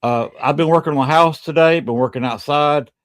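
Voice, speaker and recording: A man hosting a podcast in casual chat, speaking in a relaxed, hesitant way as he reads out his upcoming guest list. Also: fairly high pitch, a little fast. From American South. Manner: relaxed, hesitant, many uh fillers. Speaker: podcast host.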